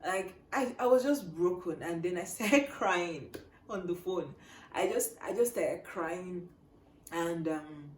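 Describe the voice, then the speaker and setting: Animated young woman, roomy sound. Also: on the low side, slow pace. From Nigeria. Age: young adult. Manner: animated, swings from quiet to loud. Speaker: vlogger. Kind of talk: personal storytelling to camera.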